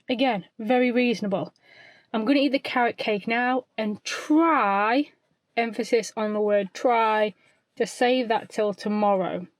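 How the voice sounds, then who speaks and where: A woman's voice: fairly high pitch, darkish tone, dry recording. A woman vlogging in a chatty, self-mocking way, sometimes talking to her dog. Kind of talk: casual vlog narration. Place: outdoors on a dog walk and in a campervan.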